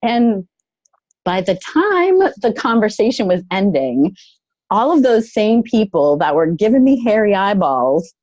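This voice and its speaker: A woman telling a personal story in a casual, thoughtful way, pausing often with fillers. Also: mid-range voice, darkish tone, no echo. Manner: thoughtful, halting, with many fillers. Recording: dull lo-fi, dry sound.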